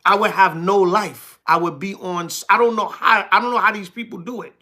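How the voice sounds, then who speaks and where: Holding a steady tone, this high, bright-voiced preacher reads scripture slowly during his livestream teaching. Between passages he turns to the live chat, firing back blunt, repetitive replies in a sermon-meets-casual format.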